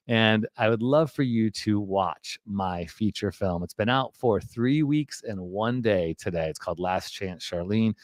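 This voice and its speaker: A man's voice: on the low side, no room sound, studio quality. A man from Chicago hosting a casual live video chat, upbeat and chatty. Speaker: host. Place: home setup with branded backdrop. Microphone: video call.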